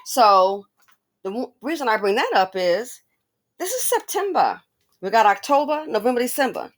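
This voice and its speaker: A fairly high-voiced woman giving casual commentary to her audience. She speaks right to the viewer, wanders into side stories and breaks out in sudden exclamations. Her delivery stays lively and unscripted throughout. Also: normal speed. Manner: animated, talks straight to viewers; exclamatory, rambling asides. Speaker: commentary channel host.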